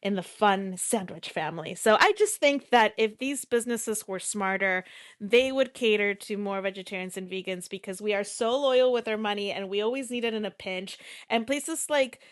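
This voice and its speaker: A woman with a mid-range voice co-hosts a podcast at a moderate pace, recorded in studio quality with no echo. She is talkative and playful in casual conversation, laughing often.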